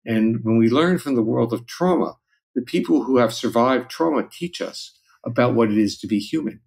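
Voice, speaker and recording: A man speaking as a guest scientist, earnest and measured in reflective interview talk. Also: mid-range voice, gravelly, darkish tone.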